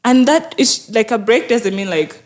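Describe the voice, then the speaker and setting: A woman's voice: on the high side, expressive, moderate pace. A woman mental health therapist speaking as an interview guest, earnest and encouraging, often acting out people's inner thoughts. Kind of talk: conversational interview.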